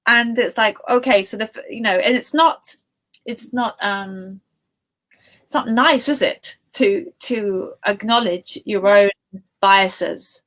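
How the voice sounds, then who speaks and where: A woman's voice: medium pitch, slow, fairly bright tone. A woman interviewer who thinks aloud, often restarting her sentences. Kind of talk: conversational interview.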